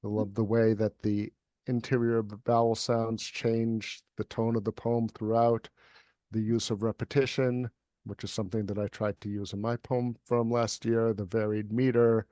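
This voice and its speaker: Flat-voiced man reciting poetry. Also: on the low side, dry recording, studio quality. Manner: even, unhurried recitation with repeated words. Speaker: poet and guest reader. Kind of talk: poetry recitation and casual chat.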